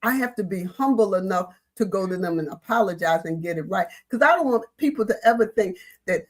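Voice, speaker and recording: A woman on a panel telling a school story in a lively, animated way. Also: medium pitch. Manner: animated storyteller, acts out quoted voices. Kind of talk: casual panel talk.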